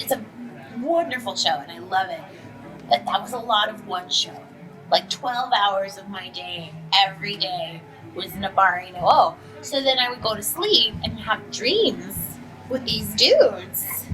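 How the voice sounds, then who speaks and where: Music plays behind a guest voice actress and anime script writer as she casually fields press conference questions at a convention. Her fairly high voice is bubbly and animated, and her stories come with quick asides. The recording is rough.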